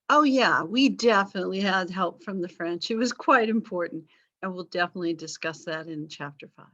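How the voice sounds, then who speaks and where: A woman's voice: lowish voice, normal speed, fairly bright tone. Chatty teacher woman on lo-fi call. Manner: casual, chatty, apologetic, with many fillers. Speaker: history teacher. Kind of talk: online class lecture. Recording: slightly dull lo-fi call audio.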